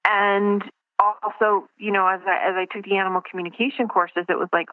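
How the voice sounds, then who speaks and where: A woman being interviewed casually by phone reflects aloud, hunting for words and starting her sentences over. Her mid-range voice is fairly quick with fairly even intonation. The line is tinny and dry, with no room sound.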